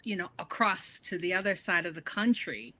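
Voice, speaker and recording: A middle-aged woman from the northern United States talks as an author guest, chatty and animated. Her voice is bright and forward, and she laughs easily as her stories unfold. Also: fairly low pitch, moderate pace. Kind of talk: casual interview conversation.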